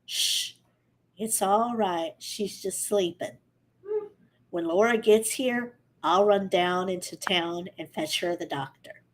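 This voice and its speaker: A woman reading as a gentle, hushed husband. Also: lowish voice, measured pace, few pauses, natural voice. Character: stoic mountain husband, soothing his sick wife.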